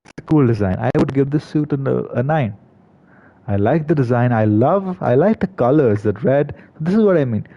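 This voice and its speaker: A man's voice: mid-range voice, lively intonation, normal speed, dark tone. Hesitant man, slightly muffled recording. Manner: hesitant, many fillers and restarts. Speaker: gaming video creator. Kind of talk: casual commentary.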